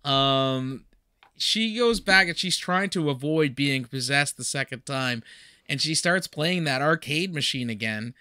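A man co-hosting a podcast, talking casually and laughing often. His voice is bright and sits a little high, and the recording is dry and close. He drops jokes and restarts his sentences as he goes. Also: animated, unhurried, clear, resonant tone, dry recording. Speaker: podcast co-host. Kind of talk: casual chat.

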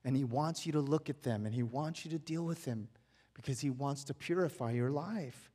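A man's voice: mid-range voice, normal speed, dark tone, slightly rough, big-room sound. A man preaching a sermon as pastor, conversational, asking the congregation repeated rhetorical questions.

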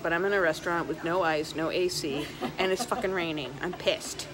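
A woman's voice: on the low side, a little fast, background noise. Gushing, swearing woman vlogger. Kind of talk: excited travel vlog. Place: hotel room, restaurant, outdoors.

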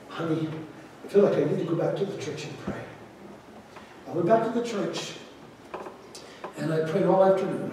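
An older male preacher tells his story from the pulpit, his high voice swinging between loud outbursts and near-whispers. He sounds far from the mic, in a big hall that rings with a long echo. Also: slight background noise. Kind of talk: sermon testimony. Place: large church hall.

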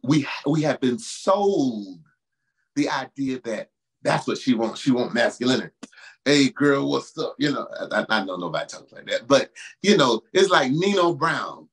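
A male pastor preaching in a casual, conversational way, repeating his key phrases and swinging from low asides to loud exclamations. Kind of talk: preaching-style talk to singles.

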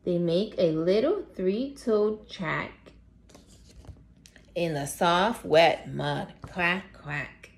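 A woman's voice: fairly low pitch, very slow, creaky, slight background noise, heavily acted. A woman voicing a cheerful little duck who loves the rain, reading a storybook aloud to children.

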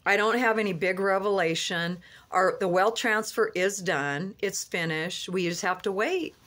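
An earnest woman in a mid-pitched voice preaches a heartfelt religious message from her car. She rambles and restarts often, filling her pauses with "you know." She speaks with fervent, plain conviction. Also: a bit bright. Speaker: Christian vlogger.

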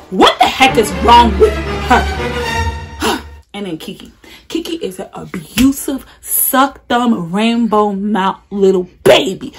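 A woman in casual chat, sassy and mocking as she roasts her family. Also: mid-range voice.

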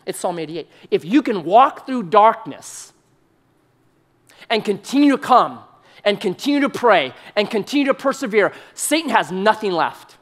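A man preaching a sermon, swinging from loud excited bursts to soft, hushed emphasis and repeating short phrases. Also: high-pitched, moderate pace.

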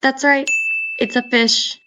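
A young woman teaching toddlers in a learning video, talking slowly and encouragingly in a sing-song way with delighted gasps. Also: high voice, fairly even intonation, noisy background. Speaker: children's teacher.

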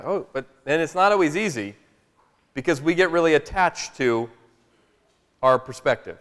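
A man's voice: fairly high pitch, moderate pace. Chatty man speaking in a big echoing hall. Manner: animated, chatty, asks "right?" often. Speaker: speaker at a workshop. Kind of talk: storytelling talk to a live audience. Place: large room with a live audience. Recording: long echo of a large hall.

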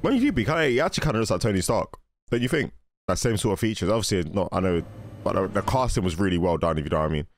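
A young man giving casual, excitable commentary while watching a film, often laughing and exclaiming. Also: sits low, racing. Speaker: movie reaction host. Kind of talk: casual movie reaction commentary.

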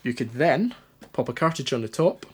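A man's voice: medium pitch, lively intonation, normal speed, husky. Rambling anxious man demoing gear. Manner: rambling, self-deprecating, many ums and restarts. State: anxious, stutters. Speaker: retro gaming youtuber. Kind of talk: casual hands-on demo.

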